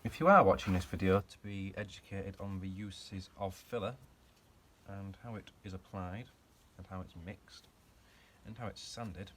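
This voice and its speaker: A man's voice: deep voice, normal speed, fairly bright tone, slight background noise. A man chatting casually while he works on a car in his garage, rambling and poking fun at himself. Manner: chatty, self-mocking, rambling asides while working. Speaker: hobby car restorer and channel host. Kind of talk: casual workshop vlog chat.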